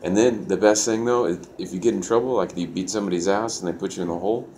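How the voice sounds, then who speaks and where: A man's voice: low-pitched, quick pace, darkish tone, a little hiss or hum. A young man telling a personal story in a loose, profane way, full of "like" fillers. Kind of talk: casual storytelling.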